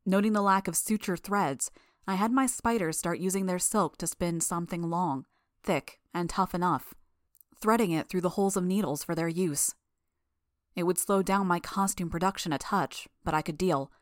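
A woman giving a measured first-person audiobook narration. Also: on the low side, dry recording, clean studio sound.

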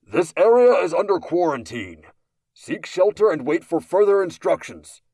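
A man voicing a gruff, authoritarian soldier giving orders over a loudspeaker. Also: high voice, very animated, normal speed, dry recording, voice pushed up, full character voice. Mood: commanding. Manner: gruff, commanding.

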